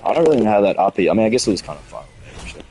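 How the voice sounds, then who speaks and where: A man's voice: on the low side, very animated, very fast, dark tone, a little hiss or hum, rough recording. A young man in his late teens with an Australian accent, chatting on a stream, rambling and heated, with lots of restarts and swearing. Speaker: gaming streamer. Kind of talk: casual stream chat.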